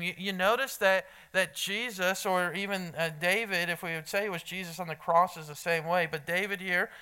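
A man's voice: high-pitched, steady tone, moderate pace, hardly any pauses, bright, forceful tone, clear, resonant tone. A male pastor preaching a sermon, earnestly repeating key points and talking directly to the people in front of him. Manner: earnest preaching with emphatic repetition; talks directly to listeners in the room.

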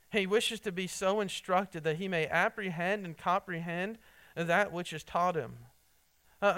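A man preaching an earnest sermon, halting often with restarts and fillers as he reads and explains scripture. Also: a little high, fairly bright tone, smooth. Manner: reads scripture and quotes aloud. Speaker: pastor.

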